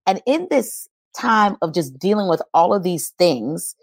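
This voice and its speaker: A woman with a low-pitched voice recounts a personal experience in an earnest, storytelling way. The sound is dry and close, with no room around it. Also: big pitch swings, unhurried, gravelly, dry recording. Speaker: guest. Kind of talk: personal testimony in an interview.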